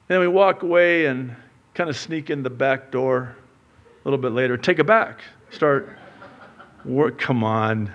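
A man preaching a sermon, swinging from loud urgent appeals to hushed asides and acting out little dialogues, with frequent casual fillers. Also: on the high side, unhurried, long pauses. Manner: conversational asides with many fillers. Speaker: pastor.

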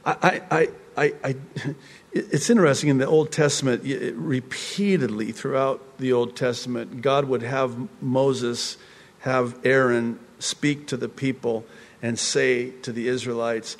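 Man preaching a slow, rambling sermon. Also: long reverb tail. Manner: rambling, animated, with restarts and sudden rises in pitch. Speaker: pastor. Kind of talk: conversational sermon.

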